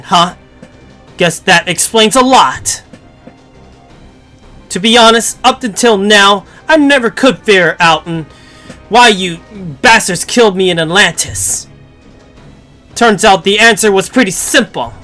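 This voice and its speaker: A streamer reading a game script aloud on stream, voicing a cocky, crude female warrior spirit who talks in a slow, mocking drawl. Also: mid-range voice, animated, pushed and bright, faint music behind.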